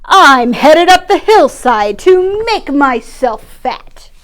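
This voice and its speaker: A woman voicing the biggest billy goat, who answers loudly and defiantly in a storybook read-aloud. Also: high-pitched, very animated, voice pushed up, exaggerated voice. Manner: loud, slow, defiant announcing. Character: big bold billy goat, fearless challenger.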